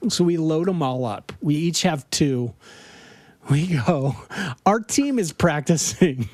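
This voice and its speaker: A man's voice: fairly high pitch, animated, slow, a little mellow, no room sound. A man telling a story in casual chat as a podcast guest, laughing often as he talks. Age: adult.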